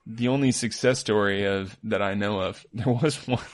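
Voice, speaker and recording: A man's voice: fairly low pitch, normal speed. A man co-hosting a podcast, chatting casually and telling rambling, playful stories full of "like"s. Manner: rambling, playful storytelling with many "like"s. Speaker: podcast co-host. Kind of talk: casual chat.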